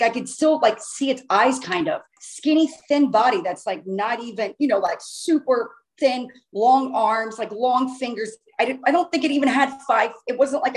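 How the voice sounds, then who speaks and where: A woman, a guest, recounting a personal experience in an animated, excitable way, acting out her own past words as she goes. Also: a little high, low-quality recording.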